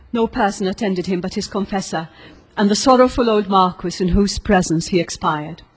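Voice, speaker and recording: Husky woman narrating an audiobook. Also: medium pitch.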